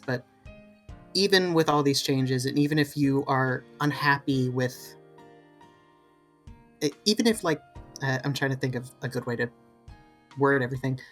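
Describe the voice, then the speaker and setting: Rambling, hesitant podcast co-host. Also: mid-range voice. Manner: thoughtful, rambling, halting with many fillers. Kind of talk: casual discussion chat.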